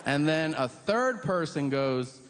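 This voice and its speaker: A man doing stand-up storytelling, profane and animated, slipping into voices for quotes, on a theater stage mic. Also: on the high side, takes it slowly, background noise. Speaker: stand-up comedian. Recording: roomy live theater with audience ambience.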